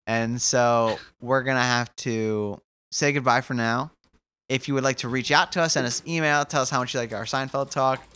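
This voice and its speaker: A man hosting a podcast, wrapping up the show in a relaxed, rambling way with fillers. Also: mid-range voice, moderate pace, clean tone. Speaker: podcast host. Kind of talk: casual show outro.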